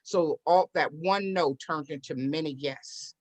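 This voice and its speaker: Animated storytelling woman, lowish voice. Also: a little slow. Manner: animated storyteller who acts out quoted voices. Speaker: real estate investor and business owner, interview guest. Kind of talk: storytelling in an interview.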